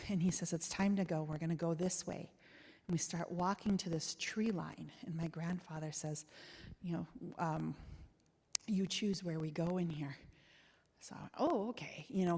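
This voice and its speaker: A woman speaker in a church, telling a childhood story in a reminiscing way with soft laughs. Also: lowish voice. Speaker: guest speaker. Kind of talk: storytelling sermon. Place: church sanctuary. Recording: church hall with long reverb.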